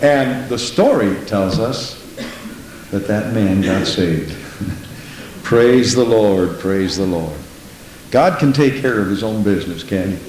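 This preacher speaks slowly in a darkish voice with lively intonation and big pitch swings, emphatically telling stories and frequently saying "Praise the Lord." The room sounds very echoey, and there's a faint hiss.

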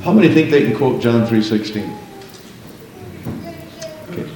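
An older man preaching a sermon, breaking into drawn-out, half-sung prayers and praises between his teaching. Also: medium pitch, expressive, very echoey, a crowd in the background, low-quality recording.

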